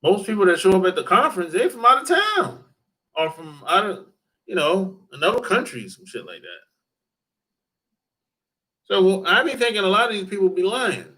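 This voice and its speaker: His voice is high-pitched and very animated, a bit bright, moving at normal speed but broken by long pauses. This man, a dating advice YouTuber, chats casually with livestream viewers from his Atlanta home, rambling, repeating himself and swearing.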